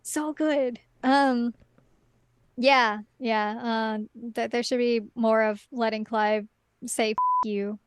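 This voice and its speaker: A woman's voice: a little high, fairly even intonation, takes it slowly, clear, resonant tone, no echo, clean studio sound. A woman chatting casually as a podcast guest, giggling and acting out her own reactions.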